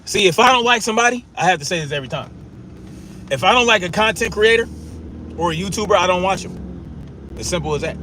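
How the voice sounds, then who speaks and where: A man's voice: sits high, animated, fast, long pauses, sharp tone, a little hiss or hum. A man arguing back at chat comments during a casual live stream, profane and repeating himself for emphasis.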